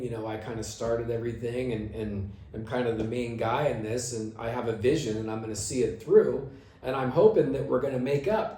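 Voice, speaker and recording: A man's voice: medium pitch, dark tone, echoey room. A middle-aged man telling the story of his band in a casual monologue, swearing and acting out his own angry reactions.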